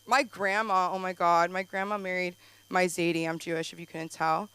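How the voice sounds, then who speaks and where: Young female stand-up host, bright voice, rambling self-deprecating asides, live club stage. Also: fairly low pitch, level tone, normal speed, slight background noise, poor audio. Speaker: stand-up comic and show host.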